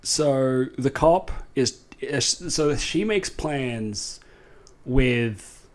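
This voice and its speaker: Slow, rambling, profane man. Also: mid-range voice, lively intonation. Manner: rambling, profane, laughing asides. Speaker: film recapper. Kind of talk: casual movie recap.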